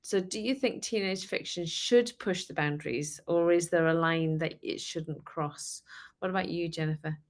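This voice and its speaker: A woman hosting a podcast with a fairly low voice. She asks her guests questions and keeps a casual conversation moving, drawing each person in. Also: normal speed. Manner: inquisitive, steering the conversation. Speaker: podcast host.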